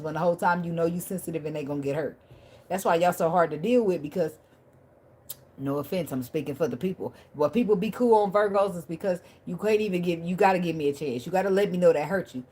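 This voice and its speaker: A woman's voice: on the low side, a little mellow, breathy edge, poor audio. A woman giving a casual tarot reading to her viewers, blunt, profane and preachy, laughing at times and thanking viewers by name. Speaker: tarot reader.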